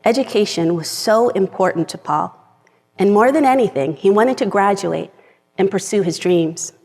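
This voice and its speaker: With a mid-range, darkish voice at normal speed, a middle-aged woman earnestly reads a personal talk to a live audience from a script. Emotion surfaces now and then, and the recording has the long reverb of a large hall.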